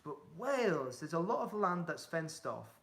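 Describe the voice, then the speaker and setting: Casting: young yorkshire guy, hull accent, a bit high-voiced with some fry, friendly livestream chatter. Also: big pitch swings, moderate pace, fairly bright tone. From England. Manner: chatty, reads out viewer comments, upbeat and encouraging. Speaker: touring cyclist answering live chat. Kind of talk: casual livestream chat.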